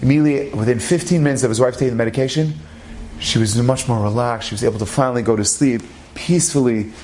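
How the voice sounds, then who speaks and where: Man telling a story with animated delivery. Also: medium pitch, fast talker, a little hiss or hum. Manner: animated, acts out the characters' lines. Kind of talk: spoken storytelling.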